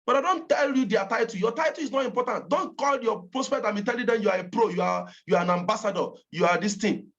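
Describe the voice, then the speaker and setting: A woman's voice: medium pitch, quick pace, hardly any pauses, fairly bright tone. A woman with a Nigerian accent giving a motivational training talk to campaign callers, emphatic and repeating her points for stress. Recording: dull lo-fi recording.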